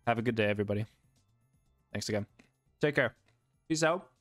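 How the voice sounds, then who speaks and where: A man casually commentating his gameplay, excitable, often laughing and yelping at what happens on screen. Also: fairly low pitch, a little fast, no room sound, clean studio sound, soft background music. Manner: excitable, laughs and yelps at the game. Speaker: gaming YouTuber.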